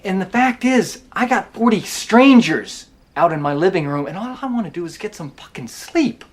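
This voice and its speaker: A man's voice: sits high, animated, moderate pace. An actor playing a weary, exasperated man who refuses to start a fraternity. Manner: exasperated, firm. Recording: film clip, distant from the mic.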